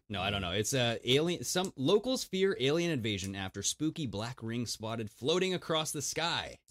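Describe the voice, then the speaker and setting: A man's voice: medium pitch, sing-song, moderate pace, few pauses. A man co-hosting a casual podcast, joking, swearing and laughing as he reads out odd news stories. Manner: jokey, swearing, breaks into laughter and silly voices. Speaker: podcast co-host. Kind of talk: casual chat.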